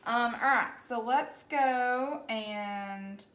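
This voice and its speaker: This woman's voice sits on the high side, fairly bright, and she draws out her words. As a craft painter running a casual livestream, she's bubbly and talkative with her audience. The sound is from a device mic at a distance at home, echoey with faint noise.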